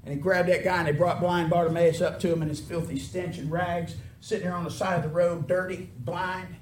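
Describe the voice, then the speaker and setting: A man preaching a sermon in an animated, conversational way, full of rhetorical questions. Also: high-pitched, fairly quick. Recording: echoey room, distant mic, faint noise.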